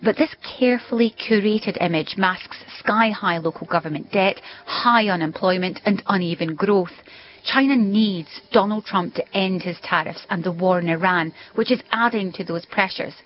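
A woman correspondent reads a scripted news report in a measured, formal voice. Her pitch sits in an ordinary middle range. The audio is a little dull and muffled. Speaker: foreign correspondent.

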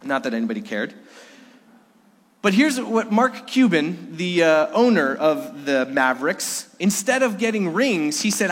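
A middle-aged man preaching a Sunday sermon, earnest and dynamic. His voice sits a little high and rises in emphasis, then drops to a hush. The sanctuary gives it a long, ringing reverb. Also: big pitch swings, a little slow. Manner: earnest, swings from loud to hushed. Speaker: pastor. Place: church sanctuary during a worship service.

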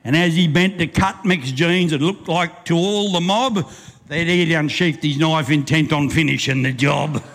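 An older man with an Australian accent performs a rhyming bush poem, riding its beat and slipping in chuckles. His voice sits a little high. The live stage sound carries a long hall reverb. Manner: lively rhythmic recitation with chuckles. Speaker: bush poet and compere. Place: live venue with audience.

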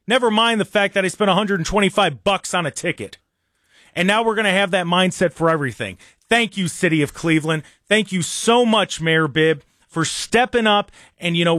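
Animated, sarcastic man ranting on sports. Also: high-pitched, no room sound, clean studio sound. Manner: animated and sarcastic, mocking others in put-on voices. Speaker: sports radio host. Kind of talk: opinionated sports rant.

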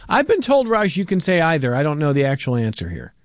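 A man with a fairly high voice hosts a call-in radio program. His sound is close and dry with no room echo, and he reads listener emails in a relaxed way. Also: fast talker, hardly any pauses. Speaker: radio talk show host. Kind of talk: radio call-in interview hosting.

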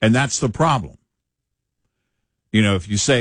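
Forceful man making his case. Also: lowish voice, animated, moderate pace, pauses often, dry recording, studio quality. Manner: forceful, builds points in lists. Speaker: co-host of political talk show. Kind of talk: conversational political commentary.

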